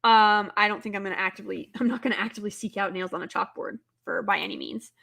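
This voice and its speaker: A woman hosting a live stream, chatting casually with viewers, rambling with lots of filler words and breaking into loud, exasperated outbursts. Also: medium pitch, fairly even intonation, fast talker, vocal fry. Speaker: livestream host.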